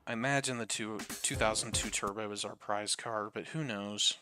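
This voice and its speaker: A man's voice: lowish voice, steady tone, normal speed, over music. Chatty man narrating a racing game. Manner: chatty, rambling asides while playing. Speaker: gameplay commentator. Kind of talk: casual let's-play commentary. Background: car engine sounds from the game.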